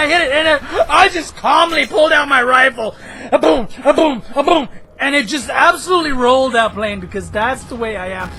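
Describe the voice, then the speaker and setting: A hoarse man giving rambling, excitable commentary over his own gameplay footage, now and then bursting into shouts. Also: extremely high pitch, normal speed, poor audio. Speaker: gameplay video host.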